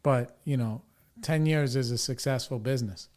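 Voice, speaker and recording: A man's voice: medium pitch, moderate pace, a little mellow. A male podcast host in casual chat, laid-back and encouraging, swearing now and then.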